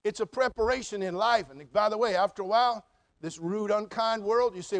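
Middle-aged male pastor, high voice, folksy and animated, close and dry. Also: a little fast, dry recording. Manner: folksy, animated preaching with mock voices and asides. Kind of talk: sermon.

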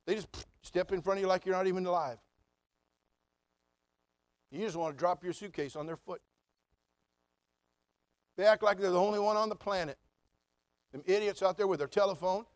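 A middle-aged man preaching a sermon as pastor in a folksy, animated way, with asides and mocking voices. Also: sits high, moderate pace, pauses often, dry recording.

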